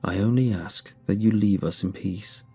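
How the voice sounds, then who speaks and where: A man voicing a soft-spoken ancient mold spirit. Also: on the low side, normal speed, husky, faint music behind. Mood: calm, wistful. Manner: soft, calm, sighing. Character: ancient mold hive speaking through a dead dog.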